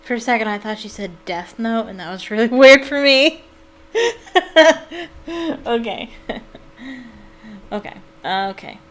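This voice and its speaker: A woman's voice: fairly high pitch, expressive, slow, long pauses, a bit bright. A woman giving casual commentary while playing a video game, thinking aloud with fillers and laughing easily. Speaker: let's play gamer.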